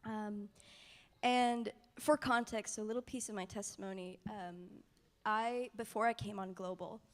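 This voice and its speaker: A young woman telling a personal faith testimony in a soft, casual way, often sinking to a near whisper. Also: medium pitch, fairly even intonation, a little slow. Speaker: mission trip participant sharing testimony.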